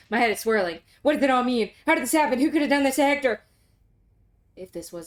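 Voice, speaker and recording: A woman streaming a game in casual commentary, excitable, with gasping outbursts that drop into mutters. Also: high voice, fast talker, slight background noise. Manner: excitable, gasping exclamations, swings between loud outbursts and mutters. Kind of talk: casual let's-play commentary.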